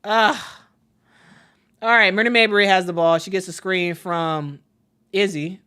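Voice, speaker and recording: A woman calling a live basketball game for her stream, chatty and excitable, talking straight to her viewers. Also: medium pitch, measured pace, clean tone. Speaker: play-by-play commentator. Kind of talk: casual live play-by-play stream.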